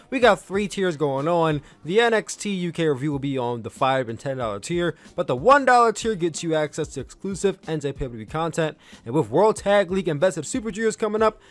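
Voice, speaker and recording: A man giving a casual, rambling solo review of a wrestling match, enthusiastic and prone to excited outbursts. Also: a little high.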